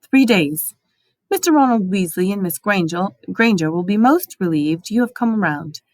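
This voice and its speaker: A woman voicing a calm, kindly old male headmaster wizard who speaks gently and formally, in a dry storybook reading. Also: mid-range voice, normal speed, no room sound, close to an everyday voice. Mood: gentle.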